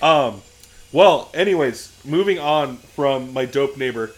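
A man's voice: medium pitch, a little slow. A man co-hosting a podcast in casual chat, telling a story with energy and acting out the people in it with a raised voice. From Southern California. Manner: animated storyteller, acts out quotes in a raised voice. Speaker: podcast co-host.

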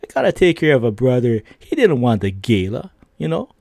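Mellow-voiced man telling a rambling story. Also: mid-range voice, sing-song, fairly quick, vocal fry, no echo, studio quality. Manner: rambling, full of fillers and tag questions; laughs between lines. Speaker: podcast host. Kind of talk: casual storytelling.

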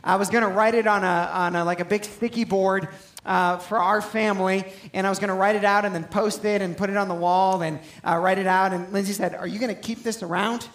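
A man's voice: high-pitched, fairly even intonation, fairly quick, fairly bright tone, echoey room. A man in his thirties preaching a sermon as a pastor, in a conversational, self-interrupting way with casual asides. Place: church sanctuary.

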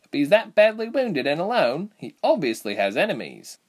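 A level-headed young woman healer with a dry, pointed way of speaking, voiced by a man reading a storybook. Her voice sits a few steps above his own. She stays calm and quietly persuasive. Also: a little high, normal speed, pitched above the performer's own voice.

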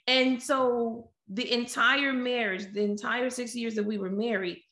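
A woman telling a personal story in a lively, animated way, acting out the quotes. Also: a little high, unhurried. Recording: echoey room.

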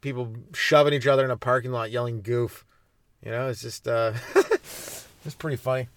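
A man's voice: mid-range voice, fairly even intonation, moderate pace, clear, resonant tone, no echo, studio quality. A young Canadian man hosting a comedy podcast, telling a rambling, profane story with a casual, joking delivery. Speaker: podcast host, stand-up comic.

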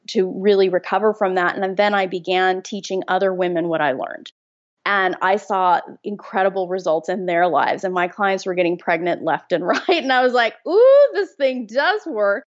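Interview guest: emphatic woman in her 40s, mid pitch, slightly lo-fi sound. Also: fairly even intonation, normal speed. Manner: earnest, emphatic, laughs while talking. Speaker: guest, fertility mindset coach. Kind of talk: conversational interview. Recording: slightly dull lo-fi audio.

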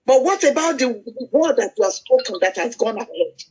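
Husky older woman preaching. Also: a little high, expressive, a little mellow. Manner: storytelling, halting with fillers and restarts. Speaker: preacher leading prayer. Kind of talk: conversational sermon with prayer. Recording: muffled lo-fi recording.

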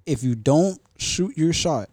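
Lively young man joking in banter. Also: fairly high pitch, slow, slight background noise. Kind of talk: casual chat.

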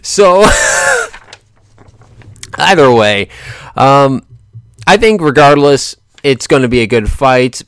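A man's voice: mid-range voice, lively intonation, takes it slowly, long pauses, fairly bright tone, clean tone, no echo, clean studio sound. Rambling, joking man talking boxing. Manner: rambling, self-correcting, laughs often, joking. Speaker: boxing commentator vlogger. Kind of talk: casual commentary monologue.

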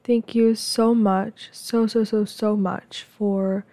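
A woman's voice: medium pitch, flat delivery, takes it slowly, warm tone, no room sound. A young woman hosting her own podcast episode, talking in a heated, impassioned way with lots of restarts. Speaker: podcast host. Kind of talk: casual solo rant.

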